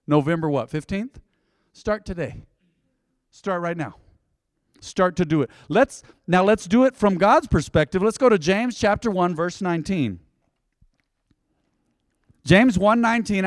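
A pastor preaches in an animated, storytelling style, often having the congregation repeat his words back in call-and-response. His voice is a little higher than most men's, clear and resonant, recorded close and dry with no room echo.

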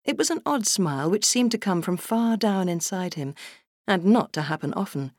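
Lively woman reading a storybook. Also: medium pitch, moderate pace, no echo, studio quality. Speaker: audiobook reader. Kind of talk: storybook narration.

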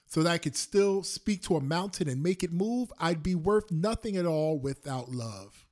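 A male pastor preaching a sermon on a prayer call, repeating lines slowly for emphasis and swinging between loud and soft. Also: on the high side. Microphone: phone call.

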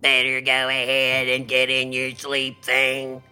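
A cold, bossy male ship robot from a goofy storybook, handing out flat orders without warmth, as a man voices him. The voice stays near an ordinary man's middle pitch with a bright, forceful edge. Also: takes it slowly, clear, resonant tone, faint music behind.

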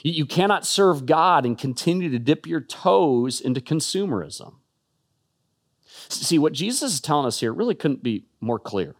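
A man's voice: fairly high pitch, sing-song, moderate pace. Earnest, stammering man preaching. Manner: earnest and emphatic, stumbling restarts. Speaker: Christian speaker. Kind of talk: sermon-style talk.

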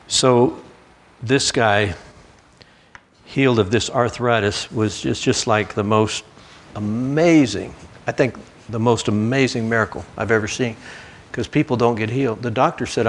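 A man's voice: lowish voice, normal speed, a little hiss or hum. Middle-aged guy preaching in church, tells stories, keeps restarting his sentences, acts out the quotes. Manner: storytelling with many restarts and lively quoted voices. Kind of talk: sermon.

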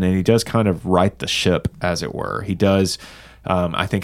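Male co-host, low resonant voice, measured and explanatory. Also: darkish tone. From American South. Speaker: podcast co-host. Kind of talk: casual discussion of church history.

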